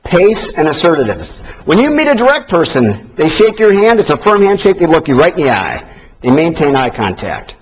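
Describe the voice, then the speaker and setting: A man teaching a live seminar class in an animated, joking way, swinging between emphatic and soft delivery. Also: a little high, fairly quick, slightly rough. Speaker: sales trainer. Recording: dull lo-fi recording.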